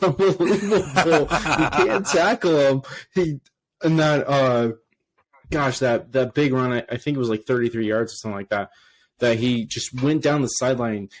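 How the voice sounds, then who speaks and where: A man co-hosting a sports podcast, chatting casually and excitedly with frequent restarts. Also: medium pitch. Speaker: podcast co-host.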